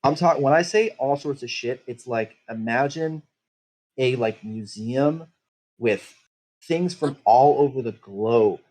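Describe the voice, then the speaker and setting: Unhurried and darkish in tone, a man with a mid-range voice rambles through a bitter, swear-filled first-person backstory for his tabletop game character. The audio is poor.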